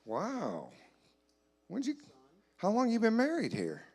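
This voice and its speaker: A man doing comedy crowd work in a church hall, teasing audience members in quick banter. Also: sits high, huge pitch swings, a little mellow, husky. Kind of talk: live stand-up crowd work.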